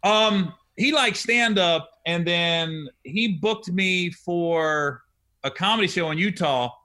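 Comedian guy in his 40s, high bright voice, swings all over, laughs a lot telling stories. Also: takes it slowly. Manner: animated, laughing, acts out quotes. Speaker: podcast host, comedian. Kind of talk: casual storytelling chat.

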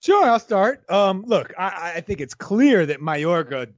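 Podcast co-host guy, high voice, kinda muffled lo-fi audio, easygoing. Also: big pitch swings, a little slow, no echo. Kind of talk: casual podcast chat. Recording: slightly dull lo-fi sound.

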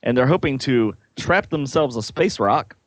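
A man's voice: mid-range voice, lively intonation, moderate pace, dry recording. A man casually reading comic-book dialogue aloud, adding joking asides and laughing often.

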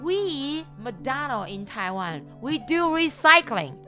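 Woman, podcast guest, casual chat, giggly, higher voice, faint music behind. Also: takes it slowly. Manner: giggly, animated, laughs often.

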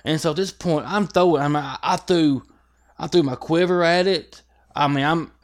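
A man, a podcast guest telling a hunting story in a lively, profane way and acting out the scenes. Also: fairly high pitch, normal speed. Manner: animated, profane, acts out scenes. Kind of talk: casual storytelling chat.

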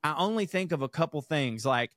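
Man, podcast co-host, slightly high voice, animated profane talk, dry sound. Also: a little fast, no echo. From American South. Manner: animated, profane, laughing asides. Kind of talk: casual chat.

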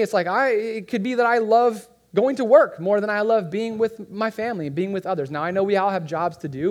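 A high-pitched man preaches in a loose, conversational way, teasing the congregation and pulling them into the talk. He sounds like a guest pastor speaking from the front of a church. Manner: conversational, joking with the congregation, animated. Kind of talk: sermon.

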